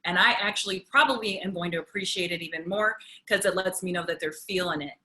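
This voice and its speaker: A woman's voice: fairly low pitch, sharp tone, low-quality recording. A woman speaking as a panelist and counselor in a roundtable over a video call, reflective and questioning.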